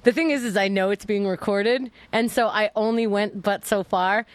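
A woman's voice: mid-range voice, normal speed, no room sound. Frank, chatty woman co-hosting a podcast. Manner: frank and chatty, laughs often. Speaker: podcast co-host. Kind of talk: casual chat.

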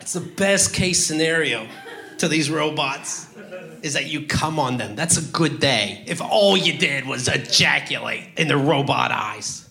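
Stand-up comic, male, bright and lively, profane rants that spike into loud outbursts. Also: on the high side, vocal fry. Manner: profane, rapid ranting with sudden loud outbursts. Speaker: stand-up comedian. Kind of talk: stand-up routine.

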